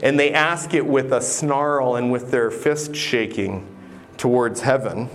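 A man's voice: mid-range voice, measured pace. Earnest preaching man, faint hiss. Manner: earnest, conversational preaching with occasional restarts. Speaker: pastor. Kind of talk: sermon.

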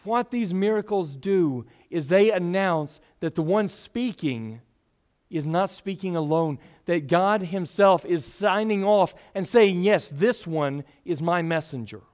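A man's voice: sits high, measured pace, a little mellow. A man preaching a sermon, teaching earnestly with rising and falling emphasis.

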